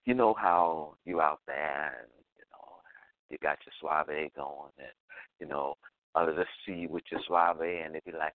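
A man's voice: extremely low pitch, measured pace, no echo. A man co-hosting a call-in talk show, telling a story in a loose, chuckling way and repeating his phrases. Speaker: co-host. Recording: dry tinny phone line.

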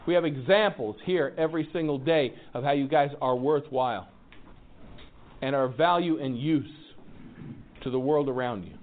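A man's voice: mid-range voice, moderate pace. A man hosting a recovery group, giving an impassioned, preacherly motivational talk. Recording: tinny phone-like sound.

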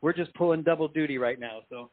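A man's voice: fairly high pitch, fast talker, dry recording. A man from the United States, a guest musician chatting easily about his career in a radio interview. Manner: easygoing, chatty storyteller. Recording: dry phone-line audio.

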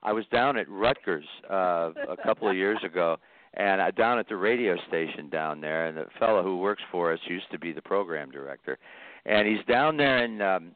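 A man's voice: low-pitched, expressive, normal speed. An older man telling stories as a musician guest on a casual radio interview, chuckling often and restarting his sentences. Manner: storytelling, chuckling, many restarts. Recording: tinny phone line.

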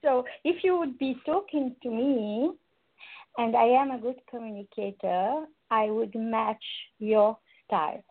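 A woman radio host and holistic coach speaks slowly and deliberately. She leaves pauses and asks her listeners rhetorical questions. Her rather high voice comes through a thin, phone-like line. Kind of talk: radio talk show monologue. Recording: tinny phone-line sound.

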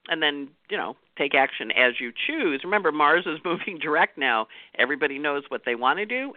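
A woman astrologer talks through her weekly forecast in a chatty way, laughing often and acting out the voices she quotes. Her pitch swoops and jumps with lots of animation. The sound is dry and narrow, like a phone line. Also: no room sound.

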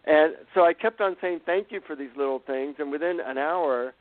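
A male psychotherapist and author telling an animated anecdote as an interview guest. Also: fairly high pitch, normal speed, dry recording. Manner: animated, self-deprecating anecdotes. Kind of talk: conversational storytelling. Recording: dry, tinny phone-line sound.

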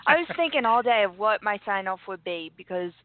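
A woman's voice: medium pitch, expressive, a little fast. A woman co-hosting a podcast in casual chat, playful and giggly. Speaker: podcast co-host. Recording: tinny phone-like sound.

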